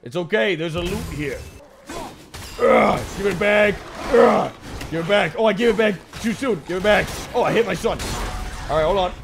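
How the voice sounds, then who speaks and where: A man's voice: sits high, moderate pace, creaky, background noise. A young man commentating his gameplay, joking and talking to the characters on screen. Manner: jokey, excitable, talks to the game. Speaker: gaming YouTuber. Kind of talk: playthrough commentary. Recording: game music behind voice.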